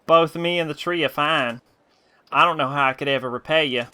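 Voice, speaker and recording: A corny, overdone Southern drawl for a grateful rustic villager, put on by a man reading game dialogue. The tone rings bright and sharp, and the voice sounds smooth and crisp. It is played broadly for laughs. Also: fairly high pitch, fairly quick. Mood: hammy drawl. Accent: exaggerated fake Southern US drawl. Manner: hammy read-aloud of game dialogue.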